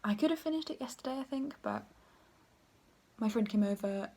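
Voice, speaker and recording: A woman's voice: a little high, animated, brisk, mellow. A woman in her twenties with a Southern English accent, chatting casually at home to a camera mic for her book vlog, rambling and laughing often, sometimes dropping to a whisper. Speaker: book vlogger. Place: at home, moving between rooms.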